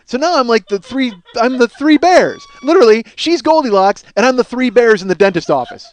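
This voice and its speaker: A man in his forties, a podcast host telling a comedic story in a casual, animated way, swearing and laughing along. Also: extremely high pitch, fairly quick. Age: 40s.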